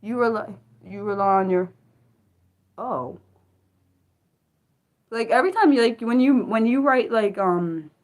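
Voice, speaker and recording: A woman hosts a casual livestream in a fairly low voice. She rambles through her thoughts, stopping and restarting, with plenty of ums. She answers her chat as she goes. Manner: rambling, many fillers and restarts, reading chat aloud. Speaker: livestream host.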